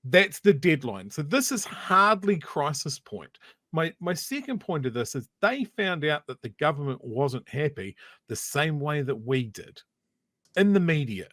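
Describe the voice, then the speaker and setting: A man's voice: on the high side, very animated, moderate pace, fairly bright tone, no room sound, studio quality. A man with a New Zealand accent, co-hosting a casual political commentary show, emphatic and argumentative. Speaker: co-host.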